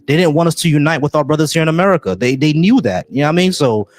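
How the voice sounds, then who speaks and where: A man's voice: fairly high pitch, very fast. Earnest male live-stream host. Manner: earnest, repeats words when emphatic.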